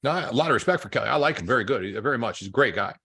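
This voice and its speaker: A man's voice: mid-range voice, expressive, racing, pushed and bright, breathy edge. A man coaching a group, telling stories and acting out both sides of phone calls. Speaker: real estate coach.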